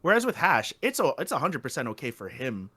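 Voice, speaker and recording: A man's voice: medium pitch, big pitch swings, a little fast, pushed and bright, breathy edge, dry recording. A man co-hosting a casual podcast chat, rambling with lots of fillers and swearing freely. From Philippines. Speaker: podcast co-host.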